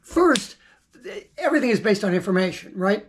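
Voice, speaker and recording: A woman's voice: mid-range voice, sing-song, normal speed, a little hiss or hum. A woman teaching forex trading in an informal monologue, blunt and conversational, often repeating words as she thinks and now and then swearing.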